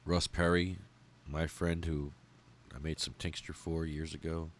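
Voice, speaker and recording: Man, very deep voice, podcast host, emotional memorial list, angry and profane. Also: flat delivery. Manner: heartfelt, angry and profane, with halting pauses.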